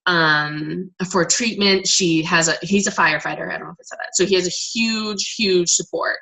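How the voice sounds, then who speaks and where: A woman's voice: fairly low pitch, sharp tone, rough recording. A woman coaching her team on a conference call, talking casually in long rambling stretches with many restarts and fillers. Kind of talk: casual motivational talk. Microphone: conference call line.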